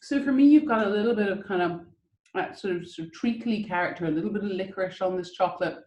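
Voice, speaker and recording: A woman's voice: medium pitch, fast, a little mellow, echoey room, lo-fi sound. A woman hosting a guided whisky and chocolate tasting over a video call, chatty and enthusiastic as she coaches the listeners.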